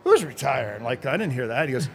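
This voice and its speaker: A man's voice: medium pitch, sing-song, fast talker, vocal fry. A man telling a hockey locker-room story in a casual chat, acting out the dialogue and laughing often. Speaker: former hockey player telling stories.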